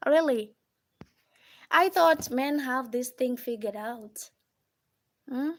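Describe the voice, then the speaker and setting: A woman's voice: high-pitched, slow, pauses often. A woman with a Kenyan accent giving relationship advice on a live stream, scolding and asking rhetorical questions. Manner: scolding, rhetorical, mimics others' voices. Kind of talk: casual live-stream monologue.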